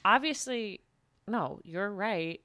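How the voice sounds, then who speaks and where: A woman's voice: medium pitch, animated, slow pace, a bit bright. A woman co-hosting a podcast, recapping a TV episode in casual chat, reading out dialogue with dry jokes. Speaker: podcast co-host.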